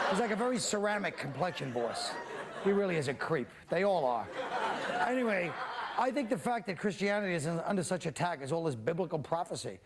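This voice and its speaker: A man hosting a comedy panel show, delivering a sardonic, mock-alarmed stand-up monologue before a live studio audience. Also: fairly high pitch. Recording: studio audience laughter and noise.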